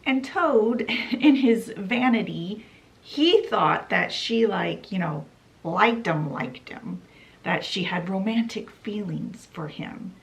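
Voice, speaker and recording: A woman's voice: medium pitch, animated, takes it slowly, poor audio. A woman hosting a book channel, summarizing a classic story in a chatty, playful way with dramatic asides.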